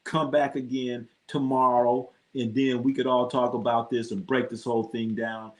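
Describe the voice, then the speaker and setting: A man's voice: medium pitch, level tone, normal speed. A man hosting a live sports stream, rambling and swearing casually as he reacts to scores and talks to his chat. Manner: rambling, profane, talks to chat, tells jokey anecdotes. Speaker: sports livestream host.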